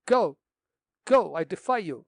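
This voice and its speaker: A man's voice: a little high, brisk, creaky, a little mellow, no room sound, studio quality. A man voicing a distraught young woman, an heiress, who pleads and argues in agitation. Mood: defiant.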